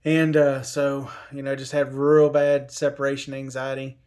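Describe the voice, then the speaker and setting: A man tells a personal story casually, in an unhurried way. He drifts through fillers and restarts and quotes the people around him. His voice sits at an ordinary middle pitch. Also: little pitch movement, darkish tone. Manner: unhurried, lots of fillers and restarts, quoting others. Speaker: covid survivor telling his story.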